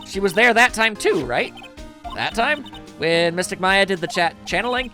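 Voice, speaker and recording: A bubbly, eager little girl from a video game voiced by a man. She chirps her questions with a lively, bouncing pitch. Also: normal speed, soft background music, heavily acted. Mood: curious. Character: cheerful little girl, excitable.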